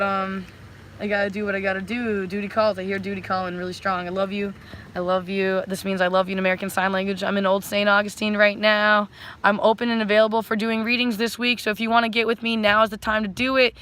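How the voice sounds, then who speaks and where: Woman, livestream chat, effusive, rambling, spiritual pep-talk tone, mid-pitched voice. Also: flat delivery, brisk, fairly bright tone, a little hiss or hum. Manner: effusive, rambling, repeats affectionate phrases. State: emotional, close to tears. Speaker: livestreamer offering readings. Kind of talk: casual livestream chat to viewers.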